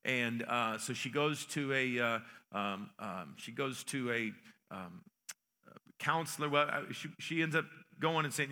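A man's voice: mid-range voice, a little slow, sharp tone, in a large hall. A man preaching a sermon in a church, folksy and joking in manner, with many restarts. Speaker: pastor. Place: church sanctuary.

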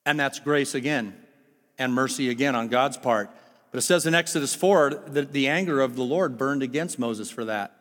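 A man preaching a sermon, animated and full of rhetorical questions to his listeners. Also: mid-range voice, moderate pace. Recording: long hall reverb with faint music.

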